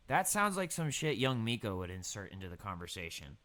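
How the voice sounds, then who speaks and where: A young man casually commentating over a building game, riffing deadpan puns on place names. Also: lowish voice, a little fast, few pauses, no room sound. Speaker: gaming streamer.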